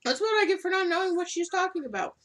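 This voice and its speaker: A young woman co-hosting a casual vlog, telling a story in a chatty, animated way. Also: extremely high pitch, quick pace. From United States. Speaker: co-host.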